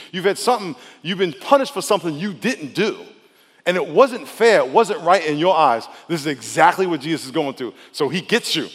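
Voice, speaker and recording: A male pastor preaching a sermon in a conversational, emphatic way, sometimes dropping to a soft, intimate tone. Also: a little high, big-room sound.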